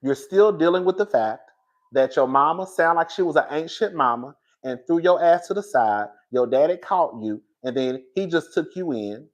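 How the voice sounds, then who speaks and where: A man with a fairly high voice, giving a loose, candid commentary straight to his viewers. He swears freely and rambles, restarting sentences and drifting into asides before circling back to his point. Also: lively intonation, moderate pace. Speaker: reality TV commentator. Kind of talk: casual commentary vlog.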